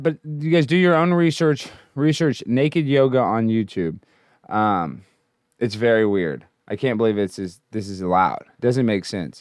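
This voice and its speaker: A man hosting a comedic livestream, brash and boastful, jumping between loud shouting and low mumbling. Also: smooth, dry recording, studio quality. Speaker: livestream host.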